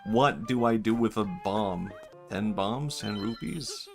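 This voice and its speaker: A man with a fairly low voice rambles through a casual gaming stream, cracking jokes and laughing as he goes. He starts bits and drops them just as fast. Faint game music plays behind him. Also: vocal fry. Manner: rambling, jokey, laughs often, abandons bits.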